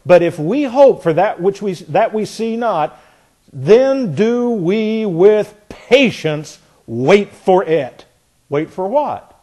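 A man preaching a sermon, questioning the congregation and reading scripture aloud, building from soft to emphatic. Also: high voice. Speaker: pastor.

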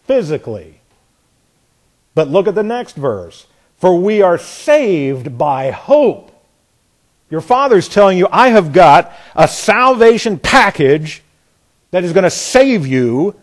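Man preaching, reading scripture. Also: sits high. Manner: reads scripture aloud, questions the congregation; builds from soft to emphatic. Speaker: pastor. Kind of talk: sermon.

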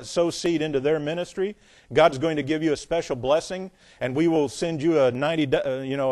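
A man's voice: a little high, darkish tone. Plain-spoken man preaching a sermon. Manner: reads scripture aloud with emphasis, then drops to blunt conversational asides. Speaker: pastor. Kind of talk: sermon with scripture reading.

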